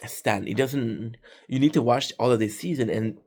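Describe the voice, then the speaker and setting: Talking casually to camera about a figure from his collection, a man rambles, restarts sentences, and swears freely. His mid-range voice is husky and a little mellow, at a moderate pace. The mic is distant, with noisy room ambience.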